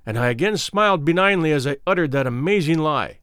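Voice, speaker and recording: Male audiobook narrator, lively intonation, fairly high voice, dry studio sound. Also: a little fast, hardly any pauses, smooth, no room sound. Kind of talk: scripted first-person narration.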